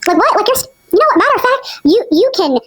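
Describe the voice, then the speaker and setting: A woman mimicking a shrill scolding boss. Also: sing-song, quick pace, fairly bright tone, exaggerated voice. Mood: exasperated. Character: stern female university administrator scolding.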